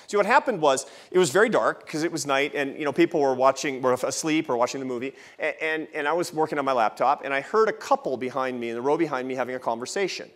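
A man's voice: mid-range voice, fast talker, few pauses, a bit bright. Storytelling man in his fifties. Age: 50s. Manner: storytelling, wry asides. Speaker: think-tank president giving a festival talk. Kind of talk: conversational keynote talk. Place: large event hall with an audience.

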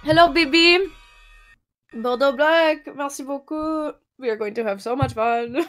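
A giggly woman guesting on a livestream, with a high voice and an unhurried way of talking. She laughs often between lines and drops casual swear words. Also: fairly bright tone, soft background music. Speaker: guest streamer.

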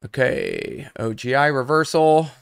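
A man's voice: medium pitch, unhurried, clean tone, dry recording, studio quality. A young adult man hosting a live trading stream. He talks casually and speaks straight to his viewers in the chat. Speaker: host.

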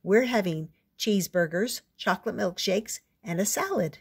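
A woman's voice: medium pitch, lively intonation, moderate pace, husky. A friendly young boy from a storybook, cheerful and eager to invite a new friend over, as an older woman voices him while reading aloud. The voice stays close to an ordinary speaking voice, with a light, inviting tone.

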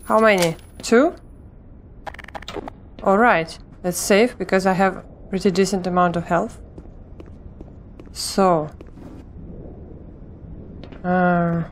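Speaking slowly with long pauses and fairly even intonation, a woman with a lowish voice provides commentary on her own let's play over a slight hiss or hum. She swears frequently, shrieks and yelps when startled, and talks to herself and her viewers.

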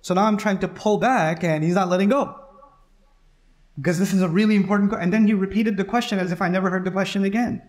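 A man's voice: high-pitched, steady tone, quick pace, darkish tone. A middle-aged man giving a conversational sermon in a mosque, often acting out quoted dialogue. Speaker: preacher giving a Friday sermon.

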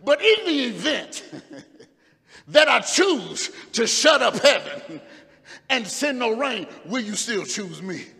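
A man preaching and acting out God as a stern male deity who questions his king, shouting with drawn-out emphasis. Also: very high-pitched, sing-song, creaky, in a large hall, heavily acted. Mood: stern, challenging.

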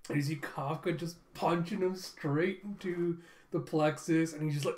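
A man excitedly recapping and reacting to a comic chapter in a rambling, casual way. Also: fairly high pitch, normal speed. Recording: roomy echo.

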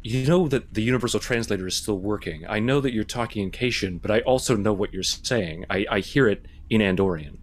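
Exasperated sarcastic man, low voice. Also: brisk, hardly any pauses, a little hiss or hum. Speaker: player. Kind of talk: in-character tabletop play.

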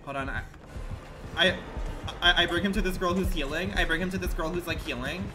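Man, livestream gameplay commentary, campy and slangy, higher-pitched, swings from shrieks to mutters. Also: a little fast. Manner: campy and dramatic, full of slang; swings between loud outbursts and low mutters. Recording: loud game music under the voice.

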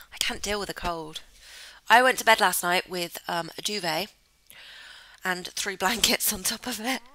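A woman chatting excitably through Let's Play commentary, giggling often. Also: medium pitch, low-quality recording. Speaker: gamer host.

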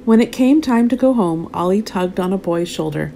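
A woman narrating a children's storybook aloud in an expressive, animated way. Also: medium pitch, moderate pace, creaky, a little hiss or hum.

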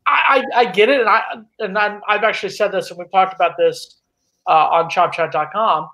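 A man's voice: sits high, a little fast, pushed and bright, low-quality recording. A man hosting a casual sports talk show, bossy and teasing as he banters with his co-host.

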